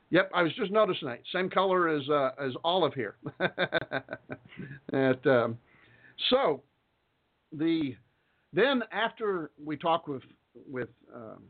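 A middle-aged man from Texas hosting an internet talk radio show in a rambling, folksy way, with chuckles and asides. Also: mid-range voice. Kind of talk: casual talk radio monologue. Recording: phone-like internet radio audio.

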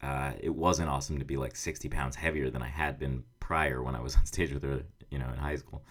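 An American man, roughly around thirty, hosting a podcast in a loose, rambling, self-mocking monologue with casual swearing. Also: very deep voice, fairly even intonation, brisk, a bit bright. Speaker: podcast host. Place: indoor office studio.

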